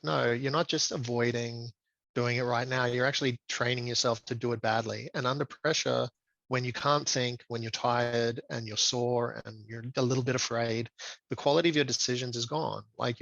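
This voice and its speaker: A man's voice: medium pitch, gravelly, a bit bright, no room sound, muffled recording. A man talking as a podcast guest in a reflective, casual way, with frequent ums and restarts. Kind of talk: casual conversational interview.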